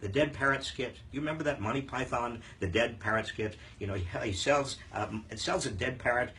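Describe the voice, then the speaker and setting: A man's voice: medium pitch, fairly quick, fairly bright tone, a little hiss or hum. An older man hosting a live viewer Q&A on politics, talking emphatically with frequent fillers and restarts. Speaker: host answering viewer questions.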